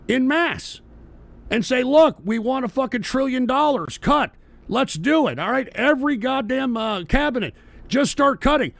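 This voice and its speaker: A heated, profane male talk-radio host with a high, gravelly voice that swings wildly up and down. He rants hard into a dry, close mic. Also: no room sound. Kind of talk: political talk radio rant.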